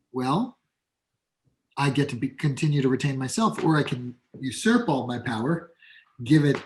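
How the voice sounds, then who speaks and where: A man's voice: mid-range voice, a little mellow. A man with a New York accent, a workplace coach speaking as a guest in a casual interview, blunt and emphatic. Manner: blunt, emphatic, acts out example dialogues. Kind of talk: conversational podcast interview.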